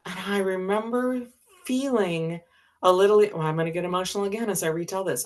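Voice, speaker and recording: A woman's voice: medium pitch, a little fast. A woman in her seventies, a spiritual teacher, telling a personal story in a candid, chatty way and laughing easily. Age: 70s.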